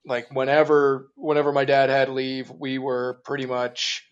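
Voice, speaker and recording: A man being interviewed as a guest, speaking in a relaxed, easygoing way and laughing along. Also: mid-range voice, measured pace, smooth, dull audio. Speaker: interview guest, group organizer. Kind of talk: casual interview conversation.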